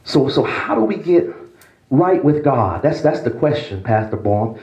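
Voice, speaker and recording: Very animated yet unhurried, a pastor's slightly mellow voice carries a church sermon with emphatic, dramatic shifts from low to raised delivery. The recording is roomy and dull.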